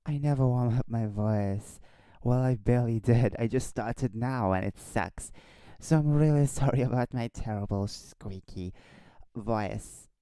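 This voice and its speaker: A man's voice: medium pitch, a little slow, dark tone, clear, resonant tone, no room sound. A man hosting a casual live stream, rambling and correcting himself as he chats and reads out news on a desk microphone. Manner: rambling, self-correcting, chuckling asides.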